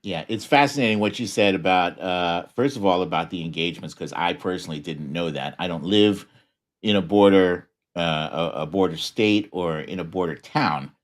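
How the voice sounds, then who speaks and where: A man talking as a guest on a political chat show, animated and often restarting his sentences. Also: sits low, moderate pace. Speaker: guest commentator.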